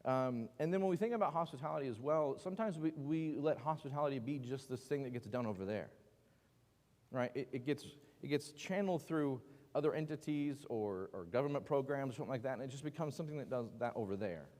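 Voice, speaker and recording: A man leads a relaxed Bible class, joking and throwing questions to his listeners. His voice sits at an average pitch and carries a long reverb from the church hall. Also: fast. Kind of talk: casual Bible class teaching.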